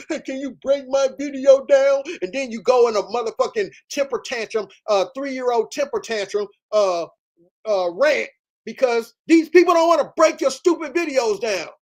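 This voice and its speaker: A man hosting a livestream, ranting in a heated, profane, repetitive way. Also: extremely high pitch. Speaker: livestream host. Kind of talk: livestream rant.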